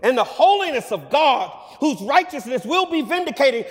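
A male preacher delivering a sermon, building to loud, emphatic declarations. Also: very high voice, huge pitch swings, normal speed, few pauses. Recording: long hall reverb.

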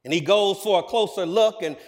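Man preaching a sermon, high voice, emphatic, loud peaks, long reverb of a hall. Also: brisk. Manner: emphatic, rising to loud declarations.

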